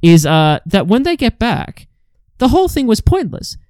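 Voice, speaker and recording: A man co-hosting a casual film review podcast, animated, acting out lines from the film and swearing casually. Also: very high voice, normal speed, dry recording, studio quality. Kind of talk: casual chat.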